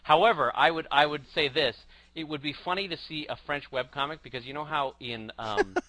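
A man's voice: a little high, a little fast, bright, forceful tone, poor audio. A man co-hosting a casual podcast, chatty and self-mocking. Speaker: podcast co-host. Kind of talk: casual chat.

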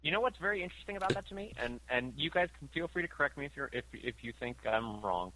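A man co-hosting a podcast in casual chat, animated and joking as he thinks aloud. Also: on the high side, quick pace, slight background noise, low-quality recording. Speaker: podcast co-host.

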